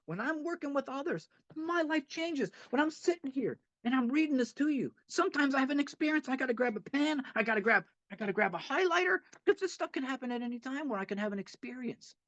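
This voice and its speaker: A man's voice: very high-pitched, expressive, fast talker, hardly any pauses, a bit bright, lo-fi sound. Earnest man sharing his recovery story. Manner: earnest, repeats himself, laughs a little. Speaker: recovery meeting speaker. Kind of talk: personal recovery talk.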